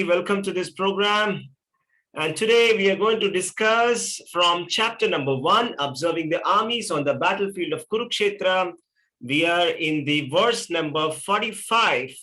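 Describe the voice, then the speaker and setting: A middle-aged man gives a scripture lecture in a high, bright voice. He explains patiently and keeps asking rhetorical questions, then answers them himself. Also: poor audio. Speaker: spiritual teacher.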